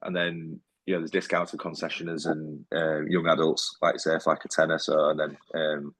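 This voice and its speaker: A man's voice: very deep voice, monotone, normal speed, fairly bright tone. A man talking as a rugby league player in a casual interview, easygoing and rambling, with many fillers and restarts.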